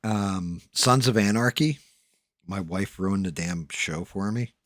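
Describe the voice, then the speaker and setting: A man's voice: low-pitched, takes it slowly, dry recording, studio quality. A man hosting a livestream, chatting casually while he paints, swearing freely and muttering to himself as he works. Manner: relaxed, rambling storytelling. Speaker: livestream host.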